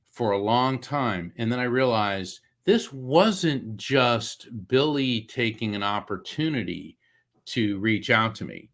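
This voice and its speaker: Middle-aged man telling a vivid story. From Florida. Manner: animated storyteller, acts out quoted voices with big pitch jumps. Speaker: guest, psychic medium and author. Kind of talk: storytelling in a talk show interview.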